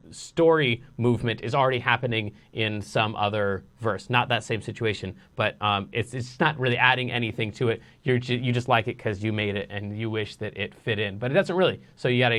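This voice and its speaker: Chill guy teaching songwriting online, rambly, middle pitch, lots of ums. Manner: relaxed and rambling, many ums and restarts; sings nonsense syllables to show rhythm. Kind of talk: casual online lesson.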